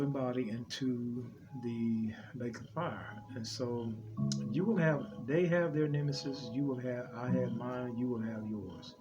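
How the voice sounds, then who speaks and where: A man, talking loosely about his dream visions, repeating himself often and restarting his sentences. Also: medium pitch. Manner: rambling, repeats himself, many restarts and fillers. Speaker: preacher sharing dream visions. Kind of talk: unscripted religious talk. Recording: dull lo-fi audio with loud music underneath.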